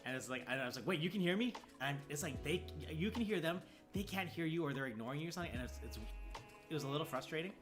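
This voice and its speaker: A man's voice: fairly high pitch, fast. A man casually telling a story as a streamer, acting out the lines of the people in it. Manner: animated, acts out the other people's lines in his story. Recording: music playing clearly behind.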